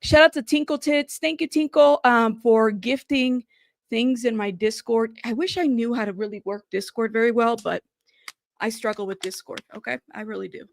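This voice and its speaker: Woman live streamer chatting w her viewers, kinda high voice w lots of vocal fry, says y'all a lot, dry close sound. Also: normal speed, no echo. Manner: chatty and apologetic, often thanking chat and saying "y'all".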